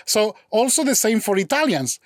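A man's voice: high-pitched, normal speed, dry recording, studio quality. A man, a language teacher chatting casually in English and telling stories with acted-out dialogue. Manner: animated storyteller, acts out quoted dialogue, frequent restarts; non-native English with slips. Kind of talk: casual conversation.

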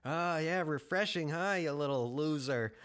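A man puts on a high, mocking inner critic that berates and sneers. The voice rises well above his normal pitch. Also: moderate pace, fairly bright tone, smooth, natural voice. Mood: berating. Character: scornful male inner critic, shouting insults.

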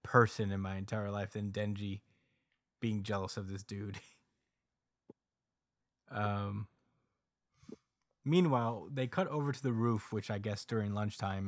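A man hosting a podcast, casually recapping a story with frequent laughs and animated asides. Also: on the low side, dry recording, clean studio sound. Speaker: podcast host.

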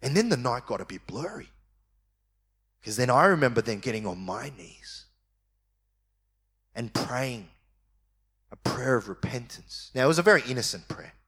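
With a mid-range voice and a breathy edge, a man tells a lively personal story in a sermon testimony, acting out his younger self. He shifts into a quiet, slow voice when it gets tender.

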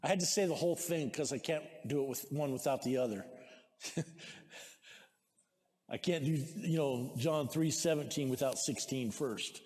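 A male pastor preaching a sermon, exhorting the congregation, calling for amens and shouting at the peaks. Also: medium pitch, moderate pace, pauses often. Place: church sanctuary. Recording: long reverb of a large hall.

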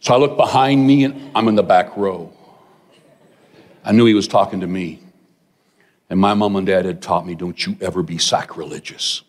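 A middle-aged man preaching a sermon, telling a personal story with animated asides to the congregation. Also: fairly low pitch, moderate pace, long pauses. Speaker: pastor. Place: large church hall. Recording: long hall reverb.

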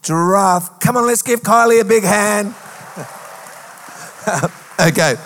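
High-voiced man preaching in a reverberant hall. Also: slow pace. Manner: lively, rhetorical preaching with sing-song emphasis. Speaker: pastor. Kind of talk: sermon. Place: church auditorium.

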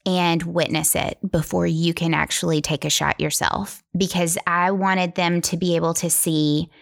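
Middle-aged woman, low-leaning voice, earnest and reflective in casual talk. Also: flat delivery, normal speed, vocal fry. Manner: earnest, thoughtful, explains in long run-on sentences. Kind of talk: casual conversation.

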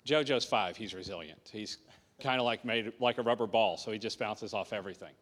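A man's voice: on the low side, brisk, fairly bright tone, in a large hall. A man preaching to a small congregation, telling his own story in an earnest way and repeating his key points. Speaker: pastor. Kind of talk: sermon testimony.

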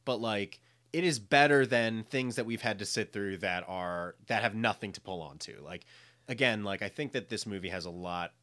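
A man co-hosting a podcast, chatting casually and playfully, defending a movie with deadpan jokes. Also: lowish voice, normal speed. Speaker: podcast co-host.

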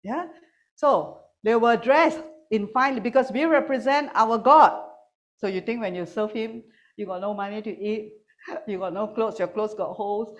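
A woman preaching a sermon to a congregation, animated and teasing, swinging between loud calls and quiet asides. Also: medium pitch, a little slow, highs cut off. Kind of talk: sermon with humor. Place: church hall with online congregation.

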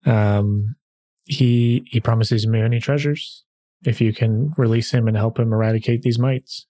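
With a warm, medium-pitched voice, a man speaks in an unhurried, steady way while hosting a podcast. Acting as game master, he narrates a tabletop game and chats casually, frequently using filler sounds.

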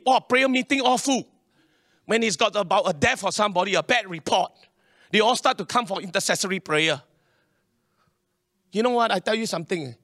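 A man preaching a sermon in a church, animated and calling on the congregation to respond. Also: high voice, no room sound, studio quality. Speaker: pastor.

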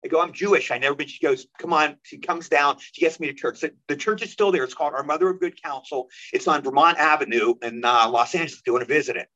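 Fast-talking animated male storyteller. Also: on the high side, lo-fi sound. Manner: animated, rapid storyteller who acts out quoted voices. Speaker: guest actor. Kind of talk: storytelling interview.

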